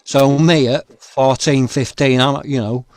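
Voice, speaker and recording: A man hosts an interview, talking in a halting, stop-start way. His voice is recorded dry and close, and his pitch is ordinary for a man. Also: fairly even intonation, darkish tone, no echo. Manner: halting, many restarts and fillers. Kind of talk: conversational interview.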